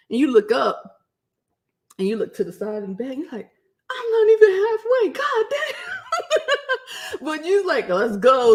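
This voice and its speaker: Brief: casual female storyteller, everyday pitch, lively delivery with frequent laughs. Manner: lively, laughs often, acts out quotes in raised voice. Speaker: former soldier telling her own stories.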